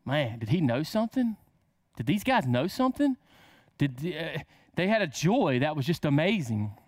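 A man's voice: fairly high pitch, very animated, moderate pace, no room sound. A man preaching a casual sermon to camera, asking rhetorical questions and drawing words out for emphasis.

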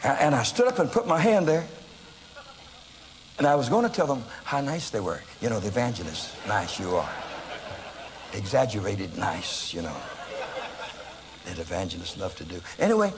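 A man from the United States preaching, telling a story from the pulpit and swinging from quiet asides to loud acted shouts. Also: medium pitch, very animated, normal speed, pauses often, a little hiss or hum, low-quality recording. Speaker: evangelist preacher. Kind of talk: sermon storytelling.

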